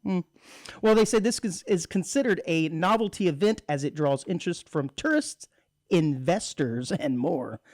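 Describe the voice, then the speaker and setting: A man hosting a radio show, chatting in a jokey, animated way and laughing often. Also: a little high, normal speed, dry recording, clean studio sound. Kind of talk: casual radio banter. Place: radio studio.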